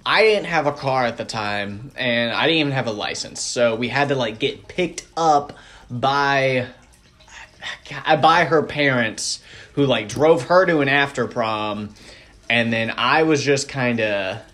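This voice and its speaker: A man hosting a podcast, his voice sitting at an ordinary middle pitch. He chats loosely and rambles through self-deprecating stories, dotting them with fillers. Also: unhurried, a bit bright. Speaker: podcast host. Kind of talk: casual podcast chat.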